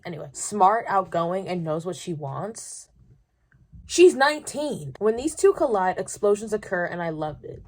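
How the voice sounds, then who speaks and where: A young woman in a casual book-review vlog, reading reviews aloud and answering them with sarcastic, animated reactions. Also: medium pitch, moderate pace. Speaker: booktuber reviewing romance novels.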